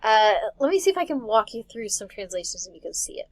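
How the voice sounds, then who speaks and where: A woman teacher talks through a recorded lesson in a casual, patient way, explaining step by step and laughing lightly now and then. Her voice sits at a middle pitch. The sound is close and dry, with no room echo. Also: very animated, fast talker. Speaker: Greek teacher. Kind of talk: recorded classroom lecture.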